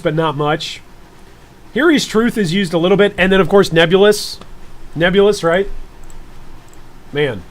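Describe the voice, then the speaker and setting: High-voiced playful male streamer. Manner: playful, jokey, chatting to viewers. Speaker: live streamer. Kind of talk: live-stream reaction chat.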